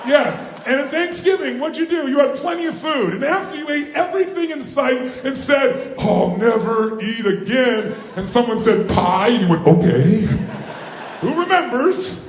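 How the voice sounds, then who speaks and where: A high-pitched man works a live seminar crowd with constant questions and calls for them to shout back. His voice rings through a roomy hall, with a faint hum of the room underneath. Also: normal speed, few pauses. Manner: energetic, calls on the crowd for responses. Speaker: motivational speaker. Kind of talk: live motivational seminar talk. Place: large hall with a live audience.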